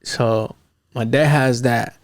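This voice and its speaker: A man's voice: medium pitch, fairly even intonation, takes it slowly, no echo. A young man from California, a podcast guest telling a story in casual chat, filling it with "like" and acting out the people he quotes. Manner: loose, filler-heavy, acts out quoted people.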